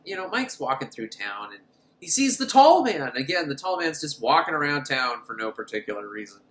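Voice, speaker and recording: A man talking through a horror movie with crude, sarcastic jokes, his pitch swinging up and down a lot. He laughs at his own lines, and the voice has a roomy echo. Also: sing-song, a little fast, a bit bright. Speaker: film reviewer. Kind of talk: casual comedic movie recap.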